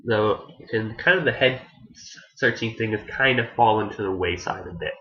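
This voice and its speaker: A man's voice: on the low side, moderate pace, highs cut off. A man giving a casual, rambling anime review who restarts his sentences often and swears offhandedly.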